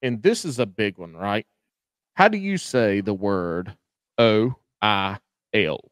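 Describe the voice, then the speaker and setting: A man's voice: on the low side, expressive, dry recording. Male podcast host, rambling and joking, cusses freely, dry close sound. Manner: drawn-out stalling in its phrasing. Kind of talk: casual interview chat.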